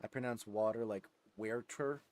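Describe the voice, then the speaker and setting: A man's voice: mid-range voice, lively intonation, normal speed, a little hiss or hum. Rambling New Jersey guy streaming. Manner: rambling, chuckling, many fillers and restarts. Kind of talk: casual live-stream chat while gaming.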